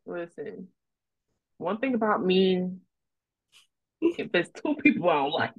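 A woman's voice: fairly low pitch, very animated, unhurried, husky, no room sound. A young woman co-hosting a podcast in casual chat, with a blunt, dramatic way of talking. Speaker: podcast co-host. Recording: dry, phone-like lo-fi sound.

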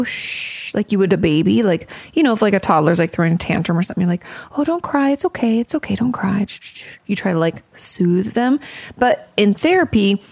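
A woman's voice: medium pitch, darkish tone, dry recording. A woman podcast host and therapist giving candid, chatty advice and swearing casually.

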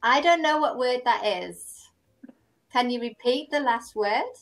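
A woman's voice: fairly high pitch, lively intonation, measured pace. A woman from England teaching English pronunciation over a video call, patiently modeling words to repeat. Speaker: English tutor. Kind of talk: online pronunciation tutoring.

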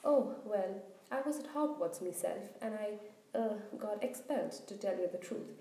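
Lady doing a big gruff gamekeeper guy, loud and rustic, soft mellow tone, roomy echo. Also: medium pitch, expressive, moderate pace, natural voice. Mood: rueful. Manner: loud, blustering rural dialect. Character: huge gruff kindly male half-giant gamekeeper.

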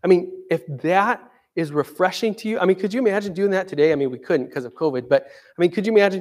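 A man's voice: high voice, quick pace, few pauses. A man preaching a sermon in a conversational way, dramatically acting out quoted voices. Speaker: pastor.

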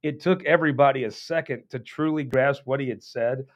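A man's voice: mid-range voice, brisk, dull audio. A man hosting a political show, giving a casual, rambling and folksy announcement with many restarts.

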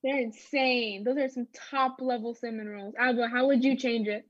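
A woman's voice: on the high side, fairly even intonation, normal speed, slight background noise. A British woman hosting a casual chat, chatty and teasing, laughing often. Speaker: podcast host. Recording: dull lo-fi dry mic.

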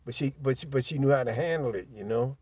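An older man telling a profane story in casual chat, animated and laughing as he goes. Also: medium pitch, fast, a crowd in the background.

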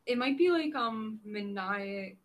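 A woman's voice: medium pitch, animated, moderate pace. A woman playing a text adventure with friends, playful, giggly and dramatic.

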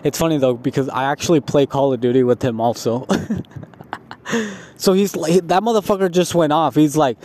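A man's voice: on the high side, normal speed, a little mellow. Rambling stoned man telling a story. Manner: repetitive, profane, full of "like" fillers.

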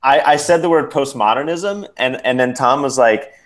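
Guy on a podcast, animated, does little voices when he tells stories. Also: medium pitch, normal speed. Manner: animated storyteller, acts out quotes. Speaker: guest. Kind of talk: casual podcast conversation.

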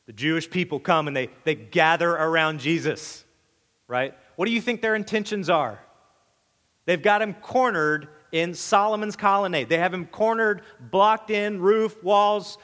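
Conversational preacher with a high voice. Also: male voice, a little slow, big-room sound. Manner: conversational, asks rhetorical questions, repeats and restarts words; voices the crowd's demand in a higher, louder tone. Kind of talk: expository sermon.

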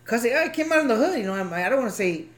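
A man's voice: very high voice, sing-song, quick pace, fairly bright tone. Man comedian, casual chat, rambling, restarts a lot, laughing along.

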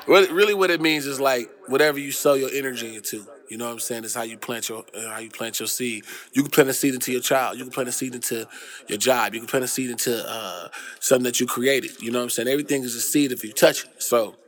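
A man's voice: medium pitch, fairly even intonation, fast, fairly bright tone. A young adult man hosting a casual commentary monologue, ranting loosely with heavy slang and profanity. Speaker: host.

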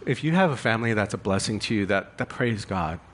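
Earnest preacher man, lowish voice. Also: lively intonation, fairly quick, fairly bright tone, a little hiss or hum. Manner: earnest, confessional, rising emphasis with rhetorical questions. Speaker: pastor. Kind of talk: sermon.

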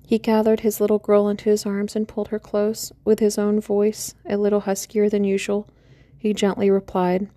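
A woman calmly narrating an audiobook in a measured storytelling manner. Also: mid-range voice. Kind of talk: scripted narration.

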